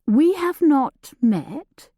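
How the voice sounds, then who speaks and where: A woman voicing a grieving older earl who speaks softly, slowly and earnestly. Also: sits high, very animated, no echo, studio quality, voice pushed up, exaggerated voice. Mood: gentle. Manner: soft, slow and solicitous.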